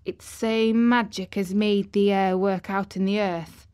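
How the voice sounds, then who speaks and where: A woman's voice: mid-range voice, steady tone, a little slow, a little mellow, clear, resonant tone, close to an everyday voice. A woman voicing a cheerful country boy who speaks in old rural dialect.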